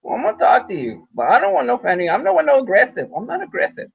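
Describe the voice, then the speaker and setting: Husky, animated man on a lo-fi call. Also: very high voice, rapid-fire. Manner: emphatic, insistent, rising loud on stressed words. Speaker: co-host on a live online broadcast.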